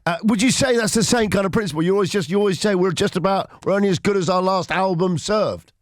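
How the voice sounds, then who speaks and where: A man's voice: high-pitched, no echo, clean studio sound. A man hosting a radio interview, joking and bantering with his guest. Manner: jokey, bantering, quick asides. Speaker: radio host. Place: radio studio. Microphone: studio microphone.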